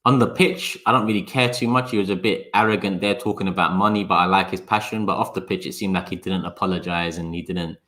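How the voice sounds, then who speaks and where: A man's voice: low-pitched, fairly even intonation, bright, forceful tone. Sarcastic man ranting on a livestream. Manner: sarcastic, talks fast in bursts; swears, chats to viewers by name. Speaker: livestream host. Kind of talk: casual live-stream chat.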